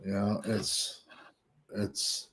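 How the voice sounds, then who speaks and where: A man hosting a podcast in casual chat, ranting in an animated, exasperated way. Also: fairly low pitch, extremely slow, husky. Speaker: podcast host.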